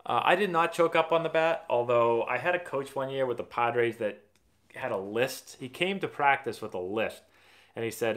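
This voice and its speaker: A man from Massachusetts hosts an easygoing live stream, answering questions from viewers. He speaks at a moderate pace in a mid-range voice that's a bit bright. His stories ramble and stay chatty, and he often starts sentences over.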